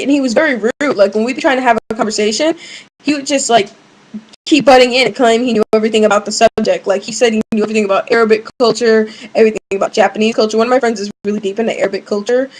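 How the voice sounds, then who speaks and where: A young woman vents to her webcam in a casual, rambling way, stopping and restarting her sentences and filling the gaps with ums. Her voice sits a bit high. It sounds like a webcam mic in a room at home. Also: fast, low-quality recording. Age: young adult. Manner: rambling, many fillers and restarts. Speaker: vlogger.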